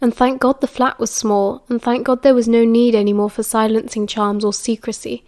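British woman, steady audiobook narration, higher voice, dry close sound. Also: normal speed, no echo. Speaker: audiobook reader.

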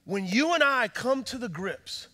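A man pastor delivers a sermon in a large church auditorium, and his voice rings with a long hall reverb. His tone is high and bright. He moves between hushed, intimate stretches and loud, shouted peaks. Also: very animated, measured pace. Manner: preaching with big swings from hushed to shouting.

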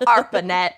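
A woman's voice: fairly low pitch, a bit bright. A woman co-hosting a podcast, laughing through laid-back casual banter. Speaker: podcast co-host. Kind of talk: casual chat.

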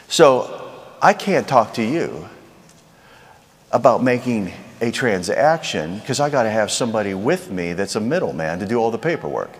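A man's voice: lowish voice, big pitch swings, normal speed, husky, long reverb tail. A man preaching a sermon in a conversational way, asking the crowd rhetorical questions.

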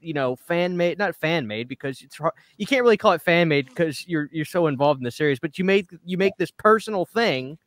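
A male podcast host with a notably high voice asks rambling, salty questions, cursing freely and talking over himself. The sound is dry and close, with no room around it. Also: lively intonation, a little fast, hardly any pauses, a bit bright, dry recording. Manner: blunt, profane, rambling questions. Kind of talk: casual interview chat.

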